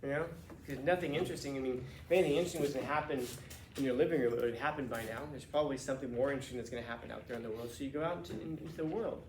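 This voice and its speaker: A man teaching a class, telling a casual, animated story with restarts and laughs. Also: mid-range voice, rapid-fire, reverberant, a little hiss or hum.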